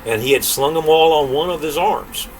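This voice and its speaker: An older grandfather reading a folk tale aloud in an unhurried, folksy way. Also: a little high, a little hiss or hum, low-quality recording. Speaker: storyteller.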